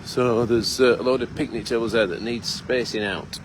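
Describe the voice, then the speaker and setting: A man's voice: medium pitch, steady tone, moderate pace, background noise. A middle-aged man, hosting a casual live walkabout outdoors on his farm, chatty and teasing with lots of fillers, filmed on a phone. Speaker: farmer and host. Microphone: phone camera held by someone nearby.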